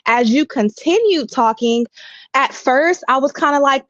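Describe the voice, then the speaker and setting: A woman with a high voice speaks in a measured, careful way, asking questions and hedging her points. Her audio sounds dull and lo-fi, and dry with no room sound. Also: animated, no echo. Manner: measured, asks questions, hedges with 'kinda'. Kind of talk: casual livestream discussion.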